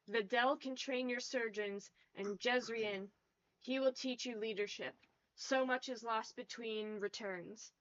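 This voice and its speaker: A woman voicing an entranced male prisoner who speaks as a herald in a flat, muffled monotone. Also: on the high side. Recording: lo-fi muffled audio.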